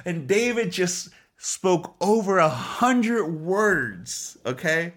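A male preacher delivers an emphatic, urgent sermon, circling back and repeating himself as he presses each point. His voice sits somewhat high for a man. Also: very animated, slow, fairly bright tone. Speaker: pastor.

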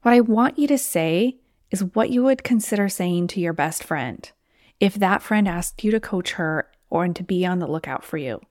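A woman's voice: fairly low pitch, lively intonation, moderate pace, a little mellow, dry recording, clean studio sound. A woman hosting a solo podcast as a weight loss coach, talking in an encouraging, conversational way and sometimes acting out inner voices.

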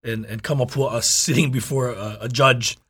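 A man's voice: mid-range voice, steady tone, normal speed, a bit bright, slight background noise. Hesitant man hosting a chat. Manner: hesitant, apologetic, stammering restarts. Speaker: host. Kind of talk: casual interview chat.

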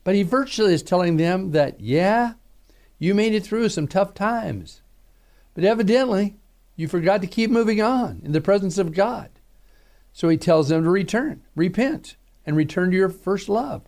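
A man's voice: sits high, animated, moderate pace, a little mellow. A middle-aged man, a pastor preaching an earnest radio sermon, pressing his calls to repent.

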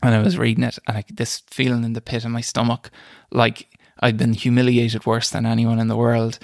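Man, young adult, gravelly voice, dry close sound, laughs at himself, casual interview. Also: mid-range voice, monotone, fairly quick, no room sound. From Ireland. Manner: self-deprecating, laughs while telling stories, frequent restarts. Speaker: screenwriter guest.

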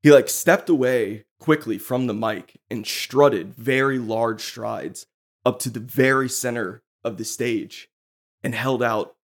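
Guy on a podcast hyped up telling a story, swears a lot, mid pitch. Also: slow pace. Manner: excited storytelling, swears freely. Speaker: podcast host. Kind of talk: casual chat.

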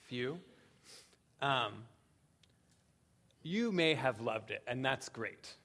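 A man preaching a sermon, speaking earnestly with slow, emphatic pauses and frequent "um"s. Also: mid-range voice, lively intonation, a bit bright. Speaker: pastor.

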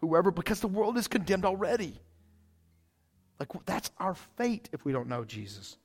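A man's voice: high voice, sing-song, moderate pace, darkish tone, breathy edge. A male pastor preaching a sermon in a casual, fired-up way, often saying "man".

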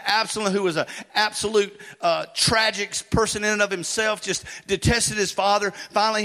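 A male pastor preaching a sermon in a church, swinging from loud urgency to hushed intensity, with folksy joking asides. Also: high-pitched. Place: church sanctuary. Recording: long hall reverb.

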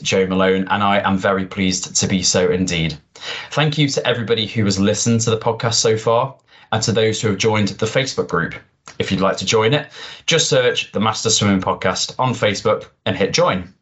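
A man's voice: fairly low pitch, a little fast, fairly bright tone. A man, hosting a podcast with a prepared intro and friendly, chatty questions. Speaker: podcast host.

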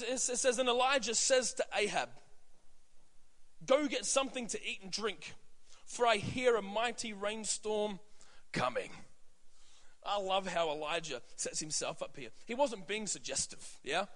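A man's voice: sits high, expressive, normal speed, a bit bright. A man in his thirties preaching a sermon as pastor, conversational with frequent fillers and asides. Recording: long hall reverb.

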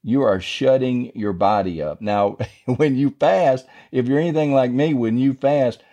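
A man's voice: medium pitch, measured pace, dark tone, dull audio. A man hosting a devotional podcast, teaching the Bible in a casual, folksy, rambling way.

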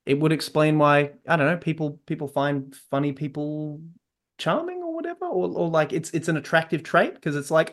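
A man's voice: fairly high pitch, animated, normal speed. Rambling man on a podcast. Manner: rambling, lots of restarts, reads scripts aloud. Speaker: podcast host. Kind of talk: casual chat.

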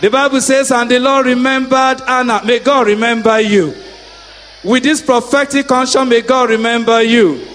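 A middle-aged male pastor preaching a sermon, calling on the congregation to repeat after him and rising to shouts. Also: extremely high pitch, fairly even intonation, normal speed, faint music behind. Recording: echoey hall.

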